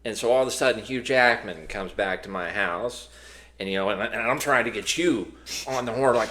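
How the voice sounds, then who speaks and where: A man's voice: lowish voice, moderate pace, bright, forceful tone. A man co-hosting a podcast in casual chat, telling a long story with many restarts and fillers. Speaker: podcast co-host.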